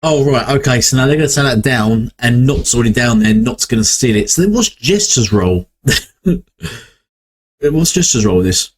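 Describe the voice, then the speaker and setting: A man's voice: medium pitch, lively intonation, moderate pace, breathy edge. A young man hosting a reaction video, rambling and correcting himself as he thinks aloud. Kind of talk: casual reaction commentary.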